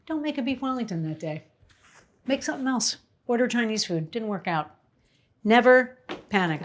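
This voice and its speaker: A woman's voice: on the high side, lively intonation, normal speed, pauses often, slight background noise. Chatty woman in her fifties cooking. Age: 50s. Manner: chatty, rambling, laughs often. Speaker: cooking show host. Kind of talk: casual cooking demonstration.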